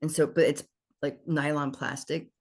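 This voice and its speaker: Low-voiced woman telling dog stories. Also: normal speed. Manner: animated storyteller who acts out dialogue. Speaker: podcast guest. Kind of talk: casual chat.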